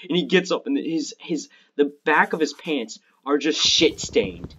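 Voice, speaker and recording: Husky joking man on lo-fi audio. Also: fairly high pitch, moderate pace, fairly bright tone. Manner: joking, crude storytelling. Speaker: gamer playing with a friend. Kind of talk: casual gaming chat.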